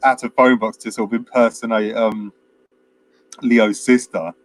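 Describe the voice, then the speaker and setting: A man's voice: mid-range voice, steady tone, a little slow, poor audio. A man co-hosting a film chat, casually retelling a plot in a rambling way with lots of fillers and chuckles. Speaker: film podcast co-host.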